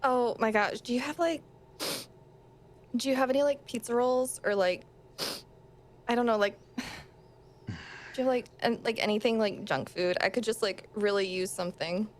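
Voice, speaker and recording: A woman's voice: a little high, moderate pace, pauses often, a little hiss or hum, close to an everyday voice. A woman playing a squeamish young clubber lost in a sewer, whining and stuck on "like". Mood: pleading. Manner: whiny, squeamish, full of "like".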